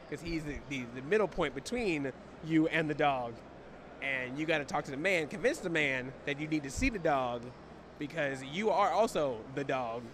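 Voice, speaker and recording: A man's voice: on the high side, pushed and bright, slight background noise. An American man, a comedian guest, riffing playfully with laughs and silly voices in a casual outdoor interview. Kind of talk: playful improvised chat. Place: outdoors at a busy convention.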